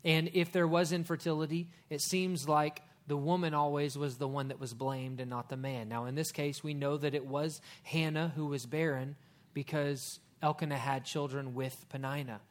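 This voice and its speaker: A man's voice: fairly high pitch, steady tone, moderate pace. A middle-aged male pastor preaching a sermon in a folksy style, telling stories with joking asides.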